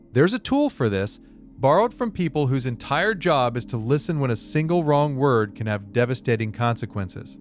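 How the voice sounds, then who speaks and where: A man narrates a scripted self-help piece in a middle-pitched voice that rises and falls with lively variety. He speaks in a measured, deliberate way and leans on dramatic pauses. Quiet music plays faintly underneath him.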